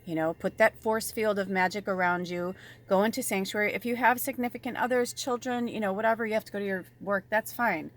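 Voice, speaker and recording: A chatty woman gives a casual spiritual tarot reading in a mid-pitched voice. She is animated and full of fillers, swears freely, and now and then drops to a soft near-whisper. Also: fairly quick. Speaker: tarot reader and medium.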